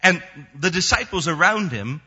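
A male pastor preaching a sermon, jumping from raised, emphatic lines to soft, low asides. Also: normal speed, breathy edge, highs cut off. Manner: animated preaching with sudden rises and soft drops.

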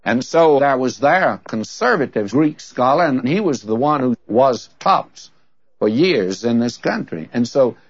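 A man's voice: medium pitch, lively intonation, unhurried, no echo, dull audio. An older man preaching a sermon, telling a story and leaning hard on key words.

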